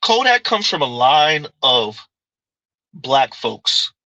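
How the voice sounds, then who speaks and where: A man's voice: on the high side, big pitch swings, takes it slowly, sharp tone, no room sound, muffled recording. A man giving casual livestream commentary, arguing his point with pointed rhetorical questions and reading chat comments aloud.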